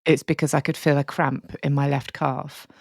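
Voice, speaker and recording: Candid low-voiced woman podcaster. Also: level tone, normal speed, gravelly, no room sound, clean studio sound. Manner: candid, sweary, emotional storytelling. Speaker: podcast co-host. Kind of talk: casual conversational chat.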